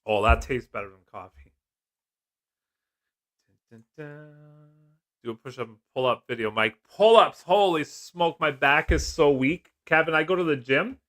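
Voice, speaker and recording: A man's voice: fairly high pitch, normal speed, pauses often, fairly bright tone. A middle-aged man hosting a casual live stream, jokey and chatty, laughing often as he reads comments. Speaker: livestream host.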